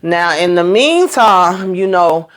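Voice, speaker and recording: A woman's voice: on the low side, expressive, slow pace. A woman giving a casual, sassy TV episode recap, chatty and full of asides to her viewers. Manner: chatty, sassy, acts out characters' lines. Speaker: YouTube show recapper.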